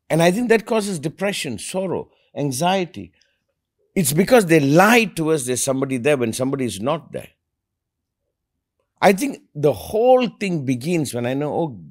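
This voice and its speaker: A man hosting a conversational podcast, speaking with conviction. His pitch rises and falls a lot as he drives each point home. He often repeats a word before pushing on. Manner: passionate, emphatic, acts out quoted dialogue; repeats words when starting a thought. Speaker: podcast host. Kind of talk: conversational interview.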